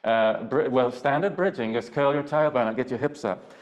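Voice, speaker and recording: An older man teaching a Pilates class over a video call, giving gentle step-by-step breathing and movement cues and checking in often. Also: mid-range voice, moderate pace. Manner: calm, gentle cueing with frequent check-ins. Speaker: Pilates instructor. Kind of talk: live online class instruction.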